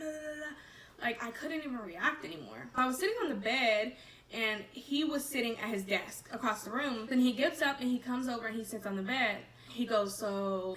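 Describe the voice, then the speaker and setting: A woman recounts a painful experience of her own in a candid, halting, emotional way. Her voice is bright and sharp. She sounds a little distant from the mic, with faint background noise. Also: mid-range voice. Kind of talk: personal testimony to camera.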